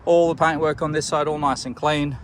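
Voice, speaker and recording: A man with an Australian accent, a car salesman giving a relaxed walkaround tour of a vehicle, pointing out features as he goes. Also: a little high, fairly quick, slight background noise. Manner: relaxed, plain-spoken, pointing things out as he goes. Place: outdoors around a car, then inside it.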